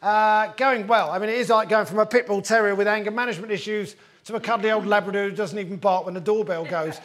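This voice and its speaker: A man's voice: high-pitched, steady tone, fast, a bit bright. A man hosting a comedy panel show, telling wry jokes between topics. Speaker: host.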